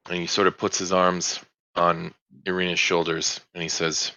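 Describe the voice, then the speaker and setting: Low, bright-voiced male game master. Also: steady tone, smooth, dry recording, dull audio. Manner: casual, halting narration. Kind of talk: narrating a tabletop game.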